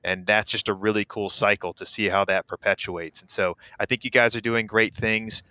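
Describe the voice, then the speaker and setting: A man's voice: lowish voice, fairly even intonation, moderate pace, dry recording. A man co-hosting a podcast, talking casually and encouragingly with plenty of fillers. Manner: warm, encouraging, rambling with fillers. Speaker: podcast co-host.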